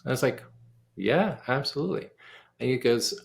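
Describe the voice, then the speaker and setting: Gravelly-voiced man telling an animated story. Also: medium pitch, fairly quick. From United States. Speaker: guest pianist and composer. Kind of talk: storytelling in a casual interview.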